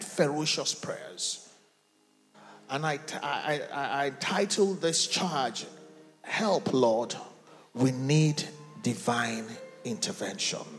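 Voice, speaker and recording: A man's voice: fairly high pitch, fairly bright tone. A man preaching a sermon as pastor, dramatic and emphatic, calling the congregation to respond. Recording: reverberant church hall.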